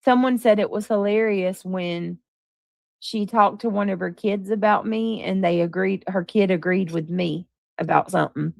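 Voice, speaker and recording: A woman's voice: mid-range voice, normal speed, creaky, a little mellow, dry recording. A woman hosting a livestream, talking to her chat in an emphatic, defensive way. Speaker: livestream host.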